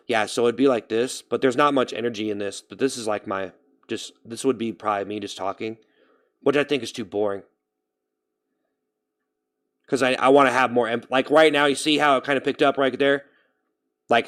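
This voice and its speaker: A young man chatting casually on his live stream, rambling as he thinks out loud. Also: medium pitch, fairly even intonation, moderate pace. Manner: rambling, thinks aloud about his own speaking voice. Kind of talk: casual livestream chat.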